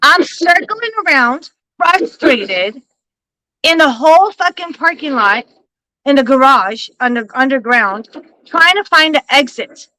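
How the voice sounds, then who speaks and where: A woman hosting a live stream, telling a long story in a loose, animated way and swearing freely. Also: high-pitched, unhurried, no room sound, rough recording. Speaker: livestream host and psychic reader. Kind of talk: casual storytelling chat.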